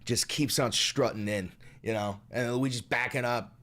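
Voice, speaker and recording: A man ranting loudly and profanely while chatting on a live stream. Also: mid-range voice, moderate pace. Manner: loud, animated, profane, ranting.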